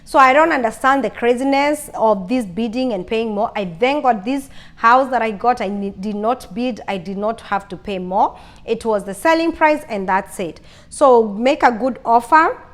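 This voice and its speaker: A woman's voice: fairly high pitch, a little slow, a bit bright. A woman vlogger telling her own story in a casual, chatty way, often repeating herself and restarting sentences. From lives in Arizona.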